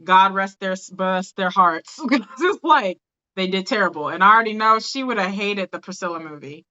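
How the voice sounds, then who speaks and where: Podcast host from the American South, bright tense voice, slightly muffled mic, animated and laughing. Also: female voice, medium pitch, moderate pace. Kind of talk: casual chat.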